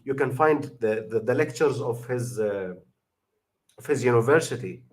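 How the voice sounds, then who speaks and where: A man's voice: medium pitch, moderate pace. Emphatic English-speaking man. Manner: non-native English with many fillers and restarts, emphatic. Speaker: channel host reacting to a video. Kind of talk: casual livestream commentary.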